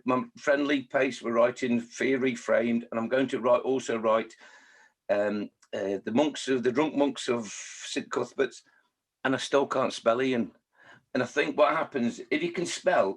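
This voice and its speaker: A man in his sixties, from Scotland and raised in Staffordshire, tells his life story in an interview. His voice is husky and of middling pitch. He talks in a chatty, self-mocking way. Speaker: children's poet and author.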